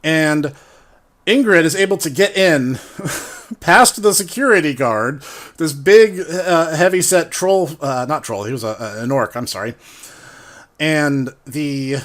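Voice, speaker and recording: A man with a slightly high voice casually recounting a tabletop game he ran as game master. He talks slowly, laughs often and corrects himself mid-sentence as he rambles through the story. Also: a bit bright. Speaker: game master retelling a campaign.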